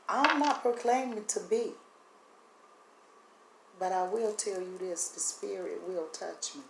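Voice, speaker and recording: A teary vlogger talks directly to the camera about spiritual impressions, earnest and halting, her medium-pitched, creaky voice catching with emotion. She's in an echoey room with a faint hum beneath her.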